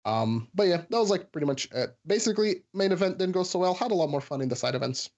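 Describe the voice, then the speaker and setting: A man's voice: sits high, animated, fast, darkish tone, highs cut off. A man in a casual podcast chat, rambling through a story with many fillers and restarts. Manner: rambling, filler-heavy, says "like" often.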